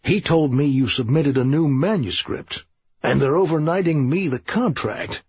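A man doing a cautious, lively-toned attorney. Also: a little high, normal speed, breathy edge, no echo, muffled recording, pitched above the performer's own voice, heavily acted. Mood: earnest. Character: male attorney, cautious, long-winded.

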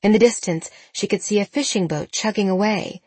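Husky woman reading a novel aloud. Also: medium pitch, brisk, a little mellow, dry recording. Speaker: audiobook narrator. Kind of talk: scripted narration.

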